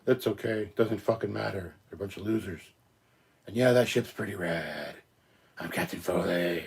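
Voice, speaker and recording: A man's voice: low voice, moderate pace, slightly rough. A man hosting his own channel, chatting casually in a rambling, jokey way with many fillers. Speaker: channel host. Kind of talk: casual livestream chat.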